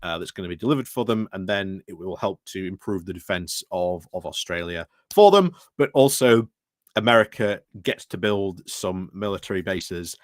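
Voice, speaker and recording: A man's voice: sits low, lively intonation, moderate pace, no echo, clean studio sound. A man talking through world news in a casual chat, explaining at length. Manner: explains at length, with fillers and restarts. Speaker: regular guest.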